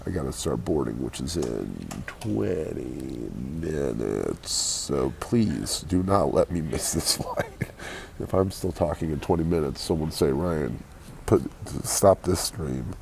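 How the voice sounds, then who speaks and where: A hungover man chatting casually with his live-stream viewers from an airport, keeping his voice quiet and low. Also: sing-song, takes it slowly, gravelly, a little hiss or hum. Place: airport waiting area.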